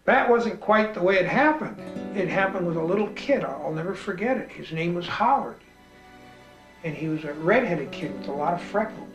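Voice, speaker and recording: A man's voice: high voice, lively intonation, moderate pace, highs cut off. Middle-aged man, thoughtful interview voice-over, roomy sound, guitar playing underneath. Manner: thoughtful, repeats words as he searches. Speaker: author.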